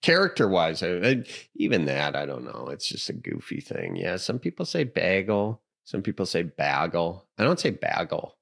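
A man's voice: sits low, wildly swooping pitch, brisk, creaky, hardly any pauses, fairly bright tone. A man co-hosting a podcast in a laid-back, rambling way, with lots of fillers. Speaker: podcast co-host. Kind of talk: casual chat.

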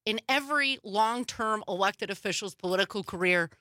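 A woman's voice: mid-range voice, normal speed, sharp tone, no room sound, studio quality. A woman panelist on a political talk show, heated and emphatic.

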